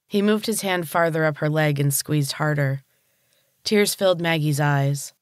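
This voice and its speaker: A storyteller reading a dark novel chapter aloud in a steady, unhurried way. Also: mid-range voice, no room sound, studio quality. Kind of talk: audiobook narration.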